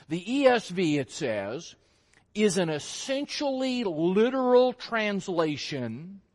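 A man preaching a sermon in a conversational way, asking rhetorical questions and acting out his listeners' reactions. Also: sits high. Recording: long hall reverb.

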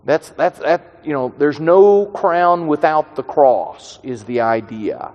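A man leading a Bible study in a conversational teaching style, thinking aloud with restarts and slowing down to stress key words. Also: a little high, animated, a little mellow, in a large hall, highs cut off.

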